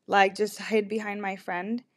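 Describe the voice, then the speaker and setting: A woman's voice: medium pitch, flat delivery, unhurried. A young woman alone in her bedroom telling an anxious, rambling story into her laptop microphone, restarting sentences and stumbling over her words. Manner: anxious, rambling, self-interrupting with frequent restarts. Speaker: vlogger. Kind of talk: confessional storytime vlog.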